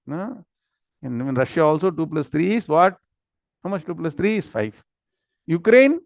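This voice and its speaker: A man's voice: on the high side, a little mellow, no echo. A man with an Indian English accent teaching a scripture class, reciting Sanskrit words one at a time and quizzing his students. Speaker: Gita and Vedanta teacher.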